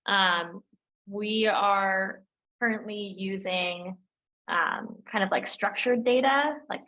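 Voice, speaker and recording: A young woman speaking as a guest in a casual interview, animated and chatty, filling her talk with "like" and "um". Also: mid-range voice, takes it slowly, lo-fi sound. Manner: animated and chatty, heavy use of "like" and "um". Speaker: guest, operations lead at a tech firm.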